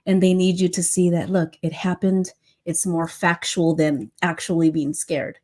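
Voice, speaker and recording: A woman's voice: lowish voice, flat delivery, normal speed, dark tone. A woman who guides past-life regressions, telling a story in a chatty way full of fillers. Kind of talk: casual storytelling on a podcast.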